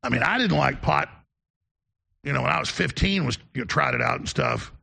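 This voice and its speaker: A man's voice: a little high, huge pitch swings, brisk, vocal fry, sharp tone, slightly rough. A man hosting a show, telling long rambling anecdotes in a casual on-air manner. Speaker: show host.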